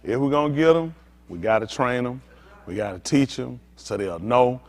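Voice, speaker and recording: A man's voice: mid-range voice, lively intonation, normal speed. A man preaching as a pastor, coaxing and teasing volunteers from the congregation in a playful way.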